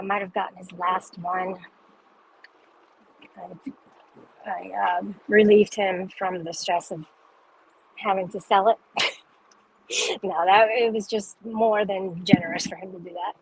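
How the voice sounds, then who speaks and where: A woman's voice: mid-range voice, fairly even intonation, a little slow, long pauses, a little hiss or hum, low-quality recording. A young woman chatting casually on a livestream, reading viewer comments, laughing often and swearing freely.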